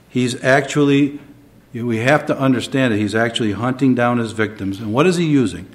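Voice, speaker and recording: A man preaching a sermon, moving between quiet reflection and emphatic, rising delivery. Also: mid-range voice, brisk. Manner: dynamic, swings between soft and emphatic.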